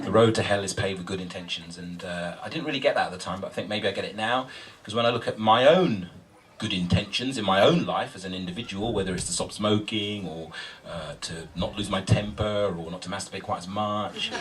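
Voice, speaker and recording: A man's voice: lowish voice, a bit bright, distant mic, slight background noise. A man, a spoken word poet, chatting casually and self-mockingly to a live audience before his poem, with plenty of ums and uhs.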